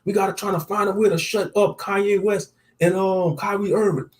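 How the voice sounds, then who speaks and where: Man putting on conspiring plotters, urgent, scheming, fairly high voice. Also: steady tone, fairly quick, a little mellow, close to an everyday voice. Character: scheming men plotting at a table.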